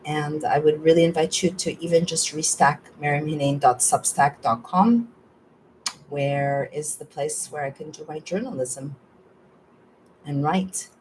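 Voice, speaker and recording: A woman's voice: low-pitched, measured pace, darkish tone, slight background noise, low-quality recording. A woman host chatting in a rambling, casual way at the end of a livestream, with a spiritual bent. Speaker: host and journalist.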